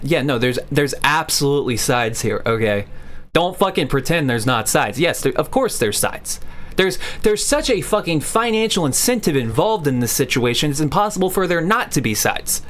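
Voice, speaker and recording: A man's voice: on the high side, big pitch swings, normal speed, a bit bright, a little hiss or hum. A male streamer ranting to his livestream chat, profane and sarcastic. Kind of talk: livestream rant.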